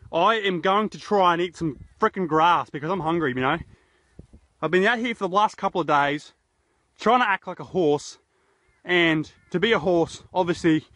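A man's voice: high-pitched, a bit bright, no room sound. An Australian man hosting a goofy outdoor vlog in a horse paddock, talking into a handheld camera in a jokey, rambling, self-mocking way. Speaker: YouTuber host.

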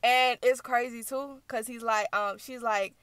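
A young woman hosting a reaction channel, recapping a video in animated, chatty storytelling. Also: fairly high pitch, unhurried, clear, resonant tone, dry recording. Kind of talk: casual recap vlog.

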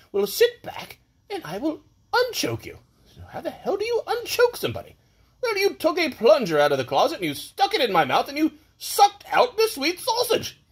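A man putting on a pompous, mustached British lord with a hammy, lurching delivery in a comic birthday video. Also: exaggerated voice. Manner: hammy, lurching between shrill and low.

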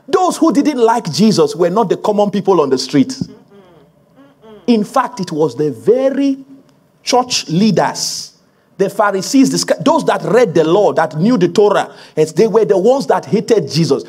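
A male pastor delivering a sermon in a fairly high, husky voice. His pitch swings widely as he builds emphasis through repeated phrases, and he breaks into laughter with the congregation. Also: very animated, unhurried, darkish tone. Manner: preaching with rising emphasis and laughter.

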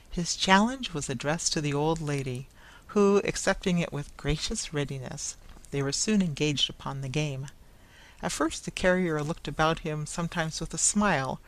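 Measured storybook narrator. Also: mid-range voice, a bit bright, poor audio.

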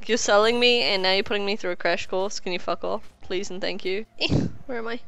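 A woman chatting casually while playing a video game, swearing, teasing and yelling in outbursts. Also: medium pitch, steady tone, brisk, gravelly, smooth, dry recording. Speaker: gamer. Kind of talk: casual gaming chat.

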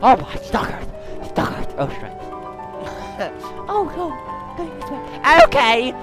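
A young man giving excitable let's play commentary, exclaiming and reading game text aloud. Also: very high voice, slow pace. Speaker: gaming YouTuber. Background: game music.

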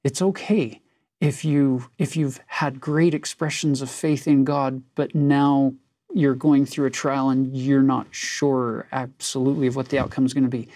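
A man's voice: medium pitch, little pitch movement, measured pace, dark tone, no echo, studio quality. A man co-hosting a conversational Bible lesson, earnest and reflective as he reads and explains scripture. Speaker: scripture study co-host.

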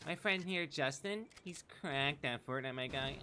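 A young man streaming a game, brash and loud, trash-talking and swearing constantly. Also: mid-range voice, sing-song, measured pace, hardly any pauses, very noisy. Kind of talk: gaming livestream trash talk.

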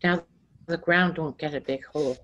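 A woman voicing a small, gentle, earnest boy who speaks in a childlike, plaintive way. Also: deep voice, moderate pace. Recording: dull lo-fi recording.

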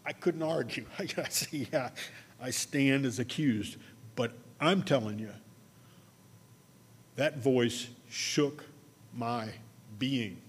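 A man preaching a sermon, telling a personal story in a conversational way and slowing down to stress key words. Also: mid-range voice, breathy edge, in a large hall. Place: church sanctuary.

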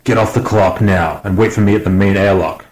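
A man's voice: low-pitched, brisk, a little mellow, lightly acted. A man voicing a curt, commanding starship captain in an audiobook. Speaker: character in an audiobook. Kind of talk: audiobook character voice.

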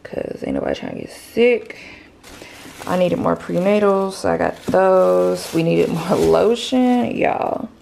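Woman vlogging, out of breath, gravelly fry, lowish voice, slips into whispers, faint hiss behind. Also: very animated, a little mellow. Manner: drops often to a breathy whisper; drawn-out Southern US slang, addresses viewers as y'all. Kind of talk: casual chat.

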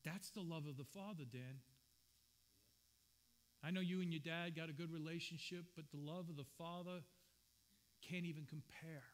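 A man's voice: on the high side, fairly even intonation, normal speed, pauses often. A man preaching a sermon as pastor, earnest and personal, telling stories from his own life in a church. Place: church sanctuary.

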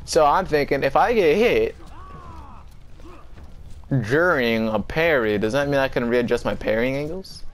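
A man giving casual commentary on his own gameplay, trash-talking opponents and breaking into sudden high yelps. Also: animated, unhurried, pauses often, slight background noise. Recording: faint game music behind.

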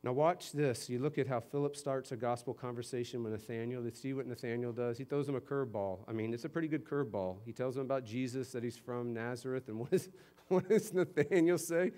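Preaching as pastor, a man from Connecticut, USA, keeps his sermon conversational and animated, alternating hushed sections with emphatic ones. His pitch is medium and he talks a little fast.

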